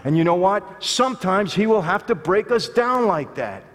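A man's voice: high voice, lively intonation, normal speed, fairly bright tone. A man giving an earnest, emphatic testimony speech to a live audience in a large hall, often calling out to them directly. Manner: earnest, emphatic, addresses listeners as "people". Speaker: speaker telling his life story to an audience. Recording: long hall reverb.

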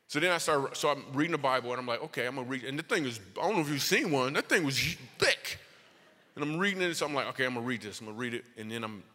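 A man doing stand-up storytelling as a comedian, animated, his voice leaping high for punchlines. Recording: long reverb of a hall.

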